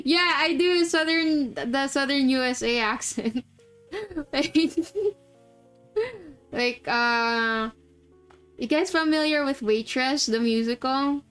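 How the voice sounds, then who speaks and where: A giggly young woman from the Philippines talks in an unhurried, slightly high voice as she streams a game. Her tone is smooth and clear, and she laughs and swears casually. Faint music plays behind her. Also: fairly even intonation, fairly bright tone. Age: young adult. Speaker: VTuber streamer. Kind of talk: casual live-stream chat while gaming.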